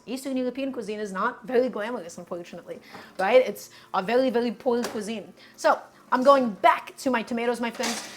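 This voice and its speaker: Woman, cooking stream host, playful casual chatter, somewhat high pitch. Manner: chatty and playful, often says "my friends".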